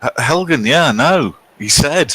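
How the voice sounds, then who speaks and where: A man's voice: a little high, animated, unhurried, pushed and bright, breathy edge, low-quality recording. A middle-aged British man commentating on a live game stream and reading out viewer chat in a chatty, wry, self-mocking way. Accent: British English.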